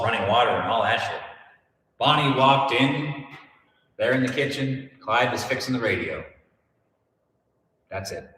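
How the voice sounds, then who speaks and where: A man's voice: mid-range voice, a bit bright. A male host telling a story in a joking, irreverent way, swearing now and then. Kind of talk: comedic storytelling. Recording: echoey room from far off.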